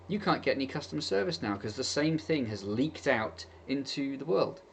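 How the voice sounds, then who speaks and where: Brief: vlogger, mid-pitched, sarcastic and fed up, faint background hum. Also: male voice, lively intonation, moderate pace, vocal fry. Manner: exasperated, sarcastic, mocking quoted voices. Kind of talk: opinion rant to camera.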